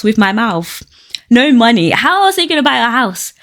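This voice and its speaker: A woman's voice: a little high, normal speed. Outspoken Nigerian-born woman podcast host. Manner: outspoken, animated commentary with frequent laughter. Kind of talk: reading and reacting to online stories.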